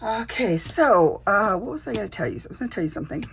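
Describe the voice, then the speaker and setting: A woman's voice: medium pitch, big pitch swings, fast, creaky, slight background noise. A woman chatting casually to camera, showing off a journal she received in a swap, with lots of fillers and restarts. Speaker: junk journal vlogger. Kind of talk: casual show-and-tell chat.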